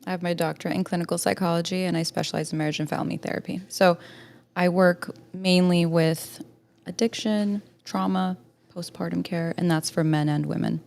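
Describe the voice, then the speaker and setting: A woman speaking as a guest therapist on a podcast, describing her work in a calm, matter-of-fact way. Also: fairly low pitch, brisk, vocal fry. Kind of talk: casual interview.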